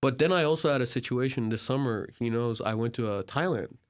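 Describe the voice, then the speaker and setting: A young Turkish man on a podcast as a guest has a smooth, medium-pitched voice and speaks a little fast. He tells travel stories casually, acting out the talks with animation and plenty of filler words.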